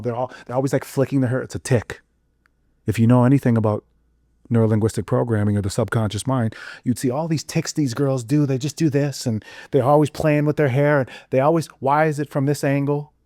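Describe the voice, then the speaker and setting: A man of ordinary middle pitch holds forth in a preachy podcast monologue, piling up rhetorical questions. His voice drops to a low mutter at times and then jumps up to loud, excited exclamations. The sound is dry and close, with no room around it. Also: no echo. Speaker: podcast guest. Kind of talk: intense conversational monologue.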